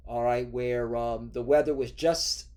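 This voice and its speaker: A man's voice: mid-range voice, fairly even intonation, unhurried, a little mellow. A man hosting a religious news commentary, ranting and swearing, constantly checking in with "all right?". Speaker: host.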